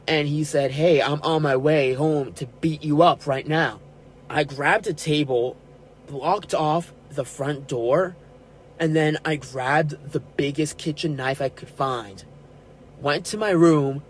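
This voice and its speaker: In a rough recording with slight background noise, a podcast host in his twenties animatedly retells a personal story, acting out quoted arguments. His pitch is fairly high.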